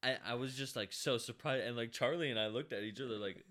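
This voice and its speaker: A young man casually telling a story, swearing and mimicking others. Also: quick pace. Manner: animated, swearing, mimics a shrill woman.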